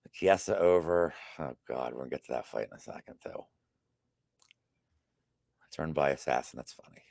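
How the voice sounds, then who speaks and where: Low gravelly man talking betting picks. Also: expressive, normal speed, darkish tone, no room sound. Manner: rambling, frequent restarts, profane asides. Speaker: sports betting podcast host. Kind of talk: casual betting picks chat.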